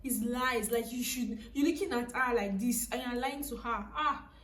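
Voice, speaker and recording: A young woman in her twenties with a Nigerian accent, telling a personal story casually to camera in a chatty, animated way. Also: on the high side, normal speed, reverberant, distant mic, a little hiss or hum. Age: young adult. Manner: chatty, animated, laughing, frequent "so, like". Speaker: vlogger.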